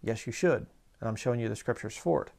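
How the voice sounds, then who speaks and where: A man preaching a sermon in a conversational way, slowing down to read scripture aloud. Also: on the low side, creaky, darkish tone.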